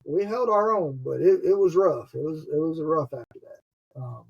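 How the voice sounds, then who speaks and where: Laughing often and swearing without restraint, a middle-aged Gulf Coast man with a Southern accent talks casually on a podcast. He has a slightly high, husky voice with vocal fry, expressive at a moderate pace, heard on lo-fi audio.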